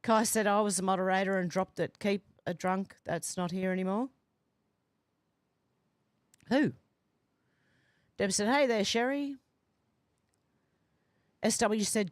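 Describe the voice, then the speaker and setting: An Australian woman with a medium-pitched voice hosts a casual livestream from home, reading viewer comments aloud in a chatty, amused way. She speaks slowly with long pauses, the recording is dry, and her doors and windows are open.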